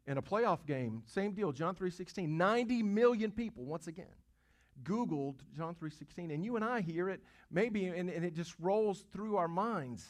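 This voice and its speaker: A man's voice: high voice, expressive, moderate pace. A man preaching a sermon. He asks the congregation questions, repeats words as he goes, and swells to emphatic peaks. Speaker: pastor.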